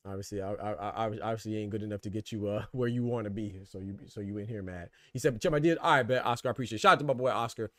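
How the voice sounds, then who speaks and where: A man hosting a boxing podcast live stream, casual and slangy, trash-talking his chat and laughing loudly. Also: fairly low pitch, rapid-fire, few pauses, no room sound.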